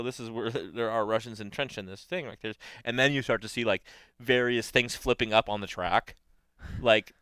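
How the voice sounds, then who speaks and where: Bright, excitable storytelling man. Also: medium pitch, smooth, dry recording. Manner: animated storyteller, swears often, laughs a lot. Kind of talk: casual profane chat.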